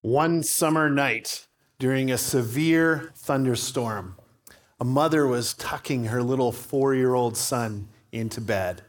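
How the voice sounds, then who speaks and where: A man's voice: medium pitch, slow. A male pastor preaching a sermon in an earnest, storytelling manner.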